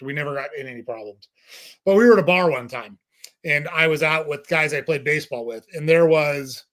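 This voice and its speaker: Man, fairly high voice, blunt, profane, animated storyteller, casual chat.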